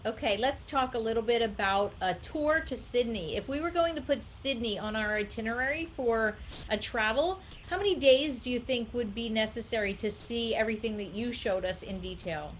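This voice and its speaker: A woman's voice: a little high, moderate pace, a little hiss or hum. Curious woman host asking questions. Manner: curious, relaying audience questions. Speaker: host interviewer. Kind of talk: interview questions.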